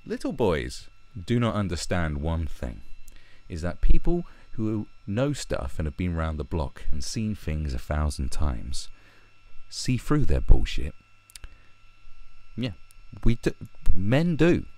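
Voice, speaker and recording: A man's voice: a bass voice, sing-song, slow, a little mellow. Sneering, profane male ranter. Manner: sneering, combative, sarcastic. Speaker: podcast host. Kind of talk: profane comedic rant.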